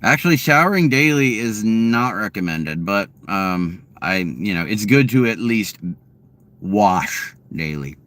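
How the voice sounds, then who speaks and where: A man's voice: lowish voice, expressive, a little slow, fairly bright tone. A man in his late thirties chatting casually and answering viewers, meandering with many fillers and restarts, often chuckling. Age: 30s. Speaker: streamer answering chat. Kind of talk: rambling casual chat. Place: home.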